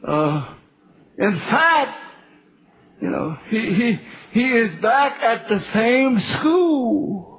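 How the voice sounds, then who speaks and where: A man preaching a testimony sermon with a Southern US accent, halting and repeating words, building to fervent shouts. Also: extremely high pitch, sing-song. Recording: tinny phone-like lo-fi recording.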